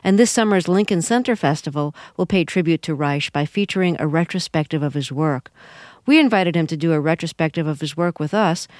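A woman hosting a radio interview, asking measured, curious questions. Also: deep voice, a little mellow, no room sound, clean studio sound.

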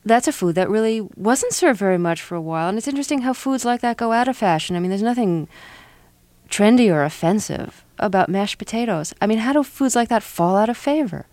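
A woman's voice: medium pitch, lively intonation, brisk, a little mellow, no echo. A woman hosting a radio interview, asking friendly, curious questions. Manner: friendly, curious, laughs easily.

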